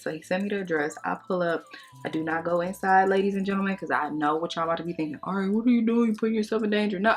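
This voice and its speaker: Chatty low-voiced woman vlogger. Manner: chatty, gossipy, slangy and expressive. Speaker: beauty vlogger. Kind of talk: casual storytime during a makeup tutorial.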